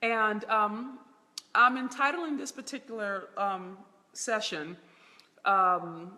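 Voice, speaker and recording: A woman's voice: mid-range voice, slow, sharp tone, long reverb tail. A middle-aged woman hosting a live stream as a business mentor, laughing often and greeting viewers by name from a large room in her home. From Baltimore.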